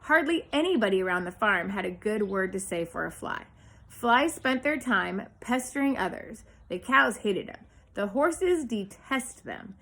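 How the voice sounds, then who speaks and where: A woman reading a children's chapter book aloud with expressive storytelling. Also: mid-range voice, normal speed, gravelly, poor audio. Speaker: storybook reader. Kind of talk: children's read-aloud narration.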